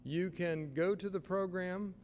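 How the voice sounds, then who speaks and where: Halting male physician in a reverberant hall. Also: sits high, steady tone, a little mellow, a little hiss or hum. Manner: halting, with many uhs. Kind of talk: closing announcements at a public health talk. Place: school auditorium. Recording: reverberant auditorium sound.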